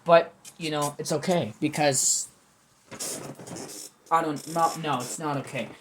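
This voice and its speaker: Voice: mid-range voice, takes it slowly, pauses often, slight background noise. A young adult vlog host rambling through a casual food video with jokey, self-mocking commentary.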